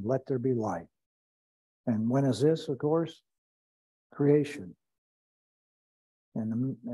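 A pastor leading a Bible study, speaking deliberately and repeating key phrases for emphasis. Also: male voice, mid-range voice, dark tone, low-quality recording.

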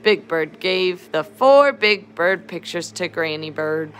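A woman's voice: on the low side, lively intonation, slow, a bit bright, slight background noise. A woman reading a picture book aloud to children, adding chatty asides to her young listeners. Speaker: storybook reader.

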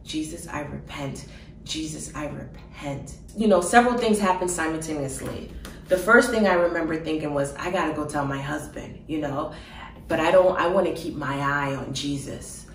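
A woman telling of her dream in an emotional personal testimony, halting with fillers and soft laughs. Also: low voice, echoey room, distant mic, slight background noise, low-quality recording.

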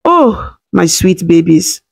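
A woman's voice: on the low side, big pitch swings, slow pace, creaky, husky, full character voice. A woman voicing a grieving elderly grandmother who weeps and pleads for her grandchildren. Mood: weeping. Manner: weeping, pleading.

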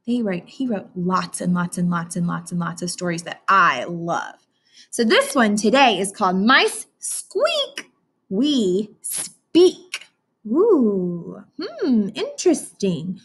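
Slow, lively woman reading to children. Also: mid-range voice, slightly rough. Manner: animated, asks children questions, imitates animal sounds. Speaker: teacher reading aloud. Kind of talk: children's read-aloud lesson.

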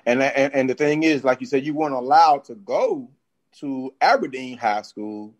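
A man co-hosting an interview in a casual way, asking loose, relaxed questions. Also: medium pitch, moderate pace. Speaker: co-host.

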